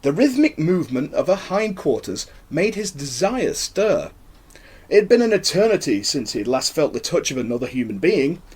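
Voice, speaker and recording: A man reading his own horror-comedy story aloud in an expressive, wry manner. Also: on the high side, moderate pace, slightly rough.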